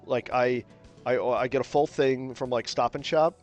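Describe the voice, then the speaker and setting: A young man chatting casually on a stream while drawing, rambling with lots of fillers and restarts, swearing freely and getting loud and animated when he rants. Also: mid-range voice, moderate pace. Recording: faint music behind.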